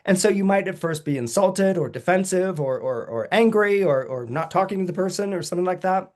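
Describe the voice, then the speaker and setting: Animated man explaining astrology. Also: a little fast. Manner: animated, acts out quoted voices with big pitch jumps; chuckles often while explaining. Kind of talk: podcast talk explaining astrology.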